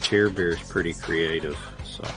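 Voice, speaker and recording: Slow-talking deep-voiced man. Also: steady tone, music in the background. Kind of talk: casual chat.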